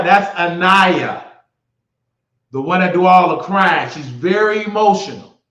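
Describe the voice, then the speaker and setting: A man hosts a live stream, talking casually and bluntly, mocking his viewers and telling stories. His voice is high-pitched and animated, unhurried, with a fairly bright tone. The recording sounds echoey and slightly dull.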